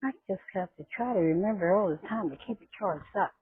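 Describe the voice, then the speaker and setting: A woman's voice: medium pitch, quick pace, husky, dry recording, narrow, tinny audio. A woman vlogging in her garden, talking casually and rambling with restarts as she waters and plants. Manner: chatty, rambling, with many restarts. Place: outdoors in a garden. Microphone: camera microphone.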